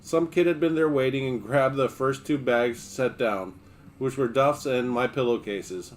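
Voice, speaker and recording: A man hosting a livestream, reading a memoir aloud in a steady, relaxed first-person voice. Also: mid-range voice, measured pace, a little hiss or hum.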